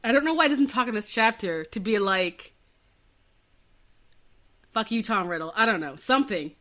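Upbeat woman podcast cohost, bright voice, bouncy and jokey. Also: a little high, lively intonation, fast. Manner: joking, often acts out silly voices of characters. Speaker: podcast co-host. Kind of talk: casual comedic book discussion.

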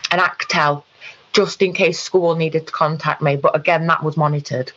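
A woman recounting a personal experience in conversation, halting, with frequent ums and restarts. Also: deep voice, fairly even intonation, a bit bright, lo-fi sound. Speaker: guest.

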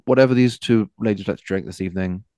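A man putting on a courteous, commanding older gentleman squire. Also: on the low side, fast talker, no room sound, clean studio sound, natural voice. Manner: courtly, formal.

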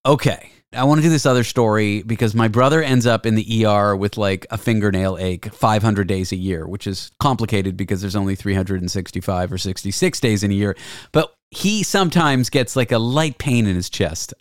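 A man's voice: lowish voice, a little fast, clear, resonant tone, no echo, studio quality. A man hosting a casual podcast chat, floating theories and jokes with some swearing. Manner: joking, curse-sprinkled, speculative. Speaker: podcast host.

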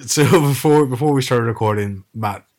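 A man in his thirties in casual podcast chat, hesitant and expressive. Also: medium pitch, moderate pace. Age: 30s. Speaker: podcast co-host.

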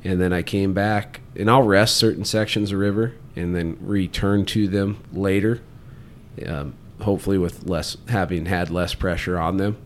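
Deep-voiced man in laid-back chat. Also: a little hiss or hum. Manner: relaxed, chatty, quick bursts with laughter. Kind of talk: casual podcast chat.

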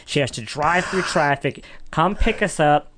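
Animated young man telling a story. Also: a little slow, noisy background. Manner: animated, acts out voices in a high dramatic pitch. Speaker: podcast guest. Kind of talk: casual storytelling.

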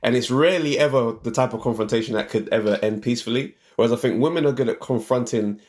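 A man's voice: mid-range voice, quick pace, a little mellow, a little hiss or hum. A laid-back man, chatting on a podcast with slang and frequent laughter. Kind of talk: casual podcast chat.

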